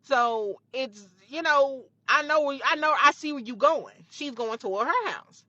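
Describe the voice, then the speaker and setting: A woman's voice: high-pitched, animated, measured pace, pushed and bright, no echo, muffled recording. A young woman telling a story from her own life, emphatic and profane, often repeating her phrases. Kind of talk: storytime retelling.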